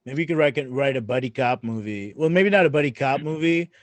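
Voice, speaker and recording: A man's voice: medium pitch, expressive, brisk, no room sound. A man hosting a podcast, chatting casually in a laid-back, hesitant way. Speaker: podcast host.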